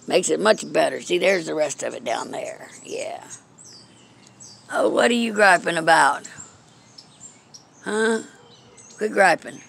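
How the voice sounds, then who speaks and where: Woman, pet owner, gravelly high voice, bouncy sing-song baby talk. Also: expressive, slow pace, long pauses, fairly bright tone, a little hiss or hum. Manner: sing-song, cooing, repetitive. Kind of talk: baby talk to her pets. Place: outdoors at home.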